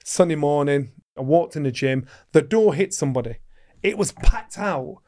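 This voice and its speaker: A man's voice: a little high, animated, normal speed, dark tone. A middle-aged man, a guest in an interview, who tells a long story with energy and acts out the voices of the people in it. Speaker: guest, former boxing world champion.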